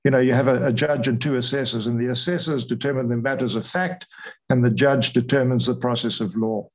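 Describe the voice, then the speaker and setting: A man's voice: mid-range voice, brisk, rough recording. Older man recounting a story. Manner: lively retelling, acts out quoted voices. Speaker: retired air force officer, guest. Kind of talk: storytelling interview.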